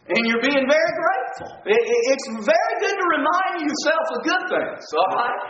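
High bright-voiced guy preaching hard, repeating himself, big echo, sounds far off. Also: big pitch swings, normal speed, highs cut off. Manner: emphatic, repeats points, asks "all right?". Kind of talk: sermon. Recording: echoey distant low-fi room recording.

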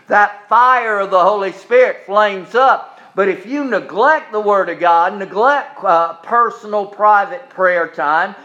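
A man's voice: high voice, sharp tone, highs cut off. A middle-aged male minister preaching in a homespun, conversational way, with folksy anecdotes and repeated phrases.

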